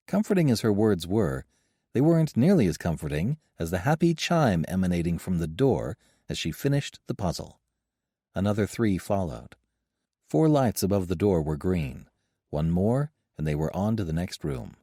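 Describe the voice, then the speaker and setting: Low, mellow male audiobook narrator. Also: moderate pace, dry recording, clean studio sound. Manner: expressive storytelling. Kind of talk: scripted narration.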